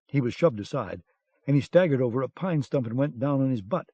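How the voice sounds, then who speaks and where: A man narrating an audiobook with a measured, dramatic reading, recorded on a dull lo-fi cassette. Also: mid-range voice, lively intonation, mellow, no room sound.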